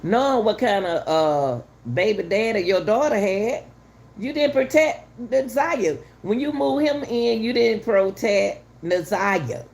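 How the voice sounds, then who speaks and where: A woman's voice: medium pitch, animated, a little slow, creaky, a little mellow. A middle-aged woman giving heated, casual commentary to her viewers, repeating herself for emphasis. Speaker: channel host commenting on a news case.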